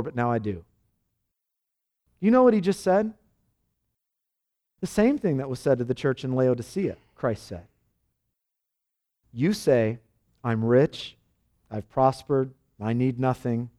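A man's voice: mid-range voice, darkish tone. A man preaching a sermon with passion, acting out the voices of those he quotes. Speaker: pastor.

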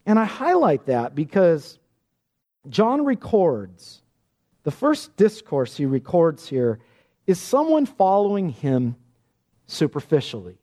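A man's voice: fairly high pitch, huge pitch swings, slow pace, warm tone. A man preaching an expository sermon, emphatic, often repeating words and restarting phrases as he presses a point.

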